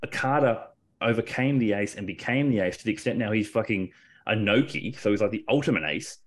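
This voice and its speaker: A man with a low voice in loose, excited conversation. He rambles, breaks off and restarts his sentences, and swears casually as he gets carried along. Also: a little fast. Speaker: podcast co-host. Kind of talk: casual wrestling discussion.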